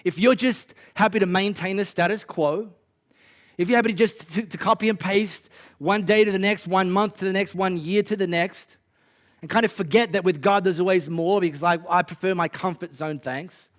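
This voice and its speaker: An Australian man preaching a sermon as a pastor, conversational and animated, with playful asides. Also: sits high, normal speed.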